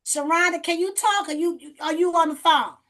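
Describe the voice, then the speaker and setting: Leading a group session over video, the host speaks in a very high-pitched, bright, forceful voice at a moderate pace. She coaxes and coaches participants with lots of energy, restating her phrases to drive them home.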